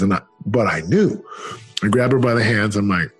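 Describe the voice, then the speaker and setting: A middle-aged man telling his life story in an interview, earnest and emphatic, slowing down on key phrases. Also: on the low side, breathy edge, faint music behind. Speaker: interview guest, former football player and speaker.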